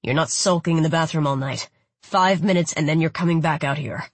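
A hulking, domineering man growls and mutters his threats low and hard, as a woman narrator puts him on. The voice sits deep and grainy, a husky storybook menace. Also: a little fast, no echo. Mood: threatening.

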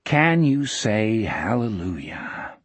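A man voicing a smooth, falsely gentle preacher who speaks in a low, mellow, sanctimonious tone. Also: takes it slowly, dry recording, heavily acted. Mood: soothing menace. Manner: calm, sanctimonious, quietly menacing.

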